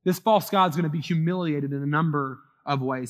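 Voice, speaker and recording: A male pastor preaching a sermon, reading scripture aloud and explaining it, swinging between loud dramatic lines and hushed asides. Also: fairly high pitch, moderate pace, in a large hall.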